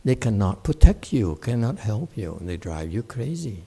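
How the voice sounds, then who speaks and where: A man's voice: lowish voice, sing-song, moderate pace, vocal fry, breathy edge. Blunt, scolding male meditation teacher. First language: Chinese. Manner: blunt, scolding, mocks students' excuses in voiced quotes; swings between loud outbursts and quiet muttering. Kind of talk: dharma talk answering students.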